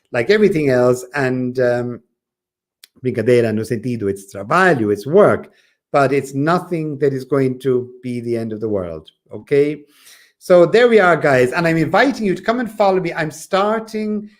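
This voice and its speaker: Teacher guy chatting to followers, higher voice, mixes in portuguese bits. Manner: switches between English and Portuguese. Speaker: English teacher. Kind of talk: casual chat to followers.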